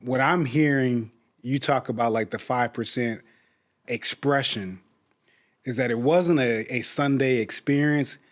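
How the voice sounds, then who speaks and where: A man's voice: mid-range voice, a little slow. Thoughtful man steering the conversation. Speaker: podcast co-host. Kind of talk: casual discussion.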